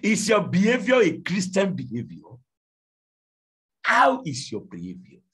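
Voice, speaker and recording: A man preaching a fiery sermon, shouting and pleading, firing questions at his congregation. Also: high-pitched, wildly swooping pitch, a little slow, slightly rough.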